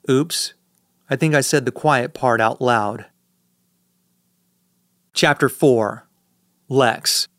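Smooth dry-voiced male audiobook narrator. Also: mid-range voice, very slow, long pauses, fairly bright tone, no echo. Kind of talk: first-person audiobook narration.

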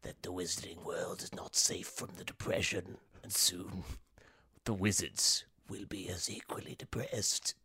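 A man voicing a child ghost speaking through a possessed man in a husky whisper. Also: low-pitched, fairly even intonation, unhurried, pushed and bright, dry recording, heavily acted. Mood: eerie whisper. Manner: hoarse whispered ghost voice, later frantic pleading. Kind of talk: improvised comedy sketch.

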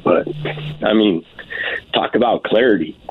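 A man calling in to a talk show, speaking in a heartfelt, halting way with many fillers. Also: fairly low pitch, slight background noise. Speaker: caller, former client. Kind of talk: phone-in interview. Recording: tinny phone line.

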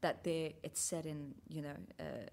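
A woman's voice: low voice, steady tone, measured pace, vocal fry, a little mellow. A woman, a theatre writer, talking frankly and thoughtfully in casual chat, with some swearing.

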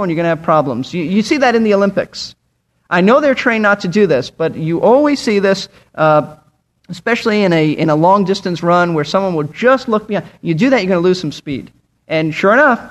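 An older man preaching a sermon, emphatic and fond of repeating key phrases. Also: sits high.

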